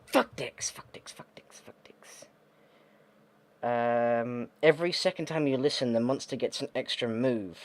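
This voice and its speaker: A man's voice: mid-range voice, a bit bright. A man narrating a text game, reading its descriptions aloud and muttering frustrated, sweary asides as he thinks aloud. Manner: thinks aloud, reads text then reacts. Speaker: gaming video host.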